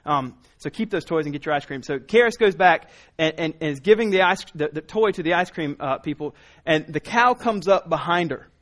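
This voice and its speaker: A pastor in his thirties preaches a sermon in a fairly high, bright voice, a little fast and with lively intonation. He tells a family story loosely and conversationally, frequently restarting his sentences.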